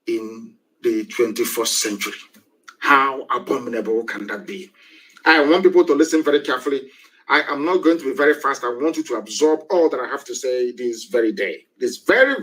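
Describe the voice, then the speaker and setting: A man's voice: high voice, bright, forceful tone, poor audio. A man giving an impassioned political broadcast, preachy and full of repeated rhetorical questions. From Nigeria.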